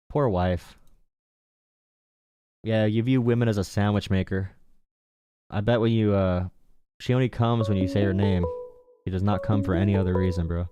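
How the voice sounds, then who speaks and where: A man's voice: lowish voice, fairly even intonation, normal speed, long pauses, mellow, clean tone, no room sound, faint music behind. A man hosting a live political call-in stream, ranting bluntly and mockingly. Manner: mocking, blunt, says bro a lot. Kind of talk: casual streaming rant.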